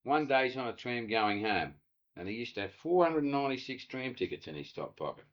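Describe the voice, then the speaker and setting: A man's voice: medium pitch, sing-song, fairly quick. An older Australian man telling oral history stories, acting out voices and swearing casually. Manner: yarn-spinning, acts out quoted voices, casual swearing. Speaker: interviewee, retired waterside worker. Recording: dull lo-fi archive tape.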